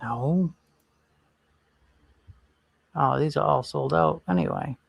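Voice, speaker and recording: Male stream host, slightly high voice, rambling casual chat. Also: takes it slowly, vocal fry, breathy edge, no echo, dull audio. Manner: rambling, thinks aloud while browsing. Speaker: livestream host.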